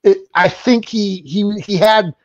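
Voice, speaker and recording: A man with a high voice, chatting in a laid-back way on a podcast. He mostly chimes in with short agreements and questions. His sound is dry and a bit dull, as if from a cheap mic. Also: unhurried, dry recording. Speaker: podcast co-host. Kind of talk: casual chat.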